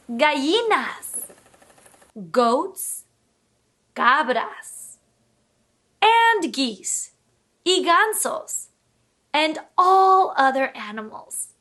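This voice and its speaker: Brief: female children's speech teacher, very high and lively, bilingual sing-song delivery. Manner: slow, sing-song and animated, switching between English and Spanish. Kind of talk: bilingual kids' lesson.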